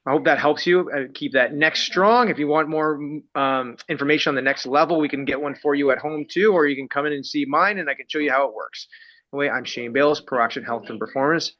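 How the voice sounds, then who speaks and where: A man from a health clinic, explaining a neck exercise device in an informal, casual networking pitch. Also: quick pace. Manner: explanatory, informal, talks through how a device works. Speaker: health and performance clinic practitioner. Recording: dull lo-fi online meeting audio.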